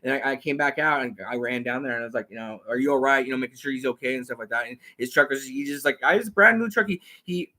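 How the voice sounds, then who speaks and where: A man hosting a casual talk show, rambling and repeating himself as he talks fast. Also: mid-range voice, pushed and bright. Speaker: host. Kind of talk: casual chat.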